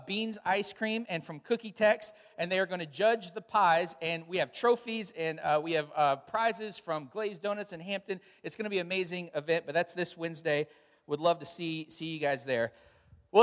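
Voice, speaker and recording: A man's voice: high voice, a bit bright. Man preaching in a reverberant church hall. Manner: casual, storytelling, with frequent fillers. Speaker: pastor. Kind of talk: sermon with announcements.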